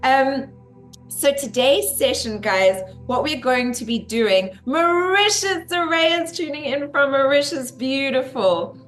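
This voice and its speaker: A woman's voice: sits high, expressive, slow pace, fairly bright tone, soft background music. Effusive woman live-streaming. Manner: effusive, greets viewers by name. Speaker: live-stream host and spiritual teacher. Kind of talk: live-stream spiritual talk.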